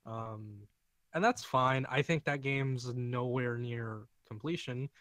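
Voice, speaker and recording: A man's voice: mid-range voice, slow, a bit bright, no echo. A man talking as a guest on a casual panel chat, speaking hesitantly with many ums.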